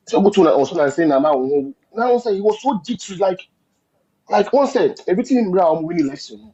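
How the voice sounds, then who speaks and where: Ghanaian man, political commentator, emphatic and repetitive, lively pitch, slightly raised voice. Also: a little fast, slightly rough. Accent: Ghanaian English. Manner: emphatic, repetitive, mixes in Twi phrases. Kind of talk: heated political discussion. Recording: dull lo-fi audio.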